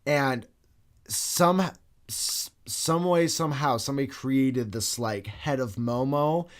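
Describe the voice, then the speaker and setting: A man co-hosting a podcast, telling a story in casual chat, animated and swearing freely. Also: medium pitch, slow. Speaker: podcast co-host.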